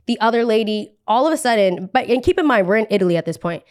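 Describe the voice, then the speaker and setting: A young woman hosts a podcast and tells a personal story in a loose, casual way. She talks in an animated, chatty manner and fills her lines with "like." Her pitch sits in the middle of the usual range for women. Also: fast talker. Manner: animated, chatty, heavy use of "like". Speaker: podcast host.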